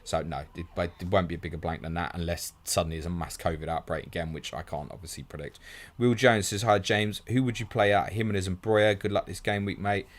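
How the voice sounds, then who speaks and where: A man's voice: deep voice, fast. A man hosting a live fantasy football stream, bluntly answering viewer questions one after another and calling everyone mate. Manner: blunt, matey, rattles through questions, calls everyone mate.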